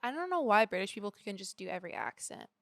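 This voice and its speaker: A young woman co-hosting a loose, casual podcast, talking in rambling, giggly bursts that hop between tangents. Her voice sits at an ordinary middle pitch, and the sound is dry and close with no room around it. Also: very animated, fast, fairly bright tone, no room sound. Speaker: podcast co-host. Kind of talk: casual chat.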